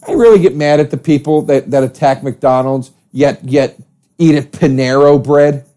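Guy from south jersey ranting and swearing on his podcast, mellow darker tone, goes loud then mutters. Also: a little high, moderate pace. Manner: profane, ranting, with swings between loud outbursts and muttering. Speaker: podcast host. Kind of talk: casual comedic monologue.

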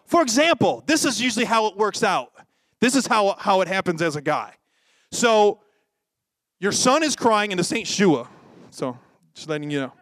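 A man preaching a sermon in a lively, joking way, often acting out quoted voices. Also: sits high, moderate pace, no room sound, studio quality. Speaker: pastor.

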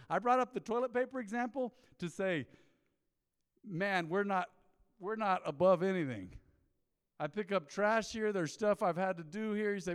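A man's voice: on the high side, animated, normal speed. A middle-aged man preaching a sermon, telling folksy stories and peppering his talk with "man". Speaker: pastor. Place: church sanctuary. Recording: long reverb of a church hall.

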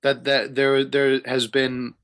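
Brief: man, game master, slow and halting narration, mid-pitched, casual. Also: monotone, fairly bright tone, clear, resonant tone. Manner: hesitant, thinking aloud with fillers.

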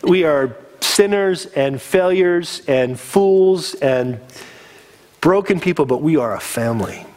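A man's voice: fairly high pitch, animated, slow, darkish tone. A man preaching a sermon as a pastor, earnest and conversational, getting teary.

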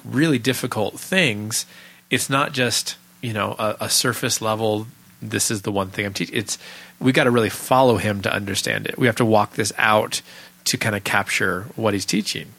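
A male podcast host with a bright, forward voice. He talks through ideas thoughtfully and slips into playful quoted lines in a relaxed studio chat. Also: fairly low pitch, normal speed, vocal fry, rough recording. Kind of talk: casual chat.

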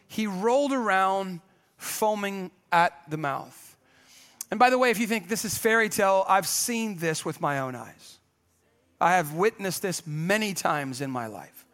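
High bright-voiced preaching pastor. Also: male voice. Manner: lively preaching with humor and asides to the congregation. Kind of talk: sermon.

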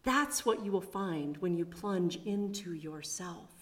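A woman preaching a sermon at a chapel, measured and reflective, with personal asides. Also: on the low side.

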